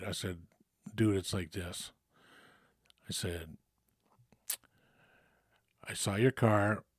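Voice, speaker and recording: Low-voiced man telling a rambling story. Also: no room sound, studio quality. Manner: rambling, profane, many fillers and restarts. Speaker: storyteller recounting his past. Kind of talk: casual spoken storytelling.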